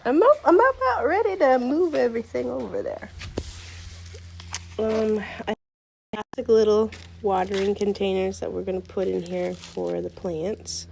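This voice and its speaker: A woman streamer chatting casually to her viewers while gardening outdoors, excitable and quick to swear. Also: mid-range voice, vocal fry, a little hiss or hum, low-quality recording. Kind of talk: casual gardening vlog chat. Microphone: camera on a tripod.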